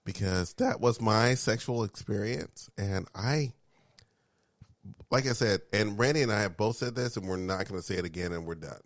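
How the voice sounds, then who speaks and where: A man's voice: lowish voice, moderate pace, no room sound. A man co-hosting a podcast, telling candid stories in casual chat, with frequent murmured backchannels. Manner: candid, frank storytelling, drops to a whisper for asides. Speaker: podcast co-host.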